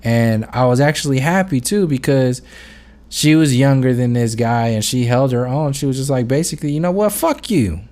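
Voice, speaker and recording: A man's voice: mid-range voice, normal speed, darkish tone. A man talking off the cuff to camera, rambling with many fillers and restarts and swearing freely. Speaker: video blogger. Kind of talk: unscripted monologue.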